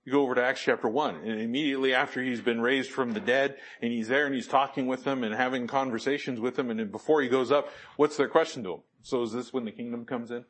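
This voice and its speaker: Man, preacher, sermon, husky, emphatic, questioning the audience. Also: medium pitch, fairly even intonation, fast, hardly any pauses.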